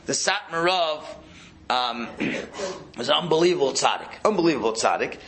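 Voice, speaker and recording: Lively, bright-voiced rabbi giving a sermon. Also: male voice, fairly high pitch, moderate pace. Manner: storytelling with rising excitement and acted quotes. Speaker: rabbi giving a Torah class. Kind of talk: sermon-style Torah talk.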